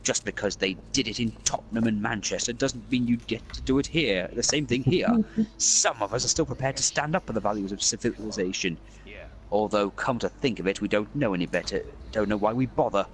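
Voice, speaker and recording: A man's voice: on the low side, animated, fairly quick, slight background noise, pitched below the performer's own voice, close to an everyday voice, rough recording. A man voicing a blustering, pompous retired British major who scolds and rants at passers-by. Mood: indignant. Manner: ranting, scolding.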